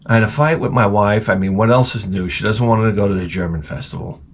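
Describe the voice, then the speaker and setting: A man telling a comedic rant in a lively, swearing storytelling manner, in a garage workshop. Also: on the low side, quick pace. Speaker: video host.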